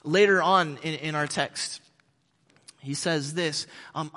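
A pastor preaching a sermon in a conversational way, with joking asides. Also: male voice, a little high, takes it slowly, sharp tone, long reverb tail.

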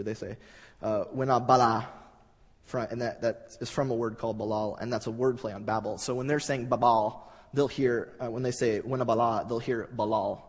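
A man giving a sermon in a conversational, halting way that builds to animated stretches. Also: lowish voice, husky, in a large hall. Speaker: pastor.

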